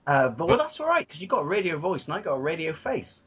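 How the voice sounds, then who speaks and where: A man's voice: on the high side, big pitch swings, quick pace, a bit bright, slightly rough, lo-fi sound. A man co-hosting a casual podcast, joking and swearing freely. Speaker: podcast co-host. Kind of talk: casual chat.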